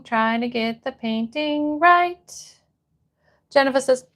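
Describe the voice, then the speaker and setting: A woman from Florida with a high voice hosts a relaxed livestream. She reads viewer comments aloud in an unhurried way and chats back between painting steps. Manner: reads viewer messages aloud and answers them while painting. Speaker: livestream host. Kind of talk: casual livestream chat.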